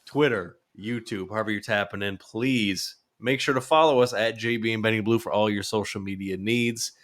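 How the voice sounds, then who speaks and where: A man co-hosting a casual sports podcast, opening with a showy hype welcome and chatting in a lively, playful way. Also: lowish voice, normal speed. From Los Angeles area. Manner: lively, hype announcer openings, lots of "mm-hmm". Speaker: podcast co-host.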